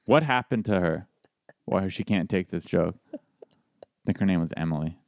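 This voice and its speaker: A man's voice: low voice, expressive, normal speed, darkish tone, no echo, studio quality. A man, a comedian, telling stories in a casual podcast chat, rambling with restarts and laughs. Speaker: guest comedian.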